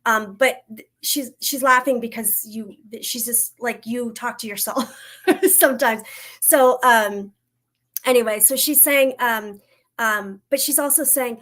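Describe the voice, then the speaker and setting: A woman working as a psychic medium, doing a livestream reading and Q&A, talking in a soft, reassuring way with frequent pauses, fillers and restarts. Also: a little high. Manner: hesitant, halting, many fillers and restarts.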